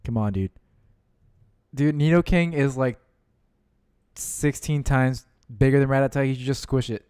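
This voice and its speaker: A young man comments on his own gameplay at an unhurried pace and a medium pitch. The sound is dry and close, with no room around it. He groans, begs and bursts into excited "dude"s as things go wrong. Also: smooth, dry recording. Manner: excitable, says "dude" constantly, yells and laughs at the game. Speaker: gaming channel host. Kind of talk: let's play commentary.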